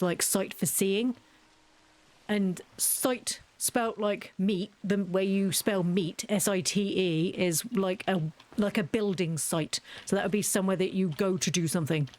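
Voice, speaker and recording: Her medium-pitched voice is a little mellow as this young gaming video creator chats casually over gameplay. She rants frequently and laughs often throughout her commentary.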